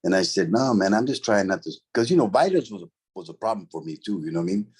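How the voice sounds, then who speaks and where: A man's voice: sits low, lively intonation, quick pace, a little mellow, breathy edge. A middle-aged man, telling a story from his past in a casual, profane, streetwise way, full of "bro" and "right?". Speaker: interview guest, former convict.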